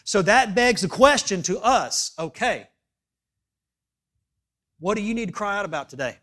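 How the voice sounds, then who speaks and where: Emphatic higher-voiced male pastor preaching. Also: animated, moderate pace. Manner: emphatic, swings from hushed asides to loud appeals; fills with "okay?" as a check-in. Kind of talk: sermon.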